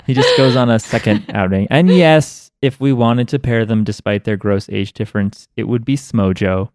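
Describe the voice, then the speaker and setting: An American man hosting a casual podcast, recapping a show with dry jokes and quick asides. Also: medium pitch, huge pitch swings, no room sound. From United States. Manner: wry, joking, quick asides. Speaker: podcast host.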